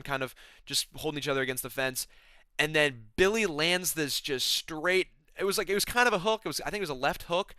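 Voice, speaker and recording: A young man giving a casual fight recap, excited and sarcastic, full of fillers and repeated words. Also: on the high side, clear, resonant tone, dry recording. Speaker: MMA recap host.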